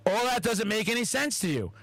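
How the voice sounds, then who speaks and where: A man's voice: sits high, fairly quick, crowd noise, rough recording. A man hosting a podcast, chatting casually with lots of swearing and acted-out quotes. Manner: animated, heavy swearing, acts out quotes. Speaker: podcast host.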